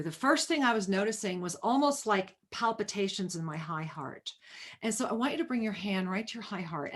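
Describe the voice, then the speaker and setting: Affectionate woman giving a spiritual reading. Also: mid-range voice. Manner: warm, affectionate, calls caller honey. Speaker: host and spiritual reader. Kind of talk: talk radio spiritual reading.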